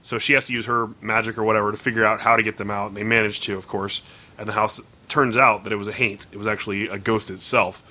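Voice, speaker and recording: A man's voice: fairly low pitch, flat delivery, fast, pushed and bright. A man hosting a casual comics podcast, recapping stories at length in an upbeat way. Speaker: podcast host.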